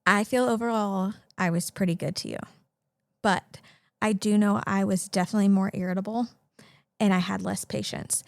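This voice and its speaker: Young woman podcast co-host, gravelly, dry mic, chatty filler-heavy delivery. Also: medium pitch, steady tone, normal speed, no echo. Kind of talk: casual chat.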